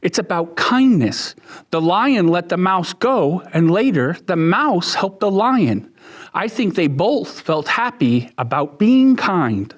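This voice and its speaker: A man's voice: high-pitched, very animated, slow, heavily acted. A man voicing an eager, thoughtful young schoolgirl in a picture book.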